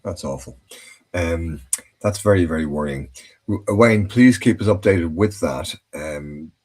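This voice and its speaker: A man's voice: sits low, measured pace, darkish tone. A man hosting a casual podcast chat, telling anecdotes in a chatty way with many restarts. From Ireland. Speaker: host.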